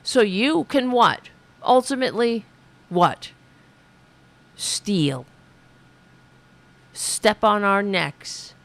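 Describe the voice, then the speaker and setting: Sarcastic woman commentator, unhurried delivery, mocking asides. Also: medium pitch, animated. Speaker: podcast host. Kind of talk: political commentary.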